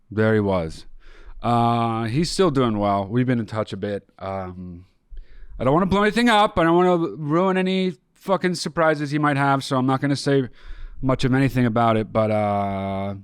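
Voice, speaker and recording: A man's voice: mid-range voice, animated, unhurried, clear, resonant tone, no echo. A young man hosts a podcast with loose, profane chatter and mock fury. His voice sounds a little nasal from a recent illness. The sound is dry and close. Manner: profane, jokey, exaggerated mock outrage. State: slightly nasal after illness. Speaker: podcast host. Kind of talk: casual podcast chat.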